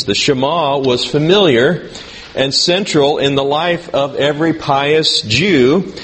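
A man teaching a Bible class preaches in a conversational way, reading scripture aloud and putting questions to his listeners. His voice is fairly high and fairly bright, and he takes his time.

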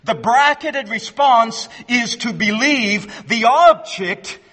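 A man preaching an expository sermon, earnest and emphatic, often repeating words as he restarts and slowing down to stress key phrases. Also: very high-pitched, expressive, bright, forceful tone. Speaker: pastor. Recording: long hall reverb.

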